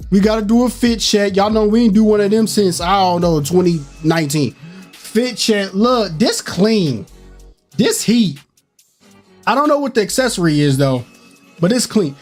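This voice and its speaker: A young man hosts a gaming channel and runs through game news with loud, animated energy. He swings between joking outrage and delight as he goes. Faint music plays behind his voice. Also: sits high. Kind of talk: excited game news commentary.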